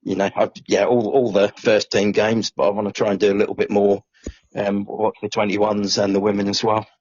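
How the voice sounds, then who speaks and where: A man from Norfolk, a podcast guest, telling an animated story in casual chat with lots of fillers. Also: fairly low pitch, a little fast, no room sound, dull audio. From England (Norfolk). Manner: animated, laughing, with many fillers.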